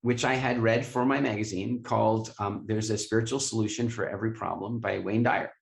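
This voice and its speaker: A man telling a self-mocking business story in an animated way, often repeating words. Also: on the low side, brisk, gravelly, roomy sound. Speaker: guest, business owner. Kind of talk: storytelling interview.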